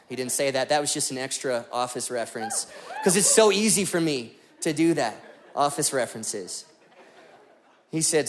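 A man's voice: fairly high pitch, normal speed, some chatter behind. A young man preaching a sermon as a pastor, joking and telling stories with animation.

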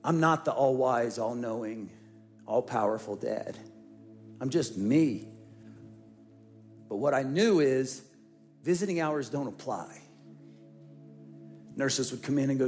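A man's voice: medium pitch, unhurried, pauses often, darkish tone, faint music behind. A middle-aged man, a senior pastor, preaching a sermon and telling a personal story earnestly, often repeating phrases.

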